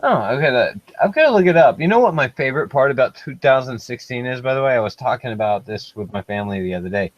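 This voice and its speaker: A man's voice: medium pitch, lively intonation, fast, hardly any pauses, no room sound, highs cut off. A man joining a casual chat as a guest over an online call, hesitant and often asking to hear things again. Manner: hesitant, restarts, asks to repeat.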